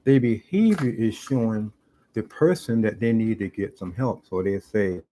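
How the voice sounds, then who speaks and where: A man's voice: lowish voice, moderate pace, mellow. A middle-aged man, a former police officer, talking earnestly in a reflective monologue and repeating phrases for emphasis. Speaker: YouTube commentator. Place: parked car.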